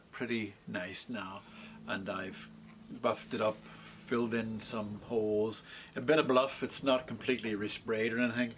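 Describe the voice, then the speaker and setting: A man working as a luthier, casually walking through a guitar repair in an easygoing, rambling way with frequent pauses. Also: lowish voice, noisy background. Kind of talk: casual workshop walkthrough. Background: electric guitar playing.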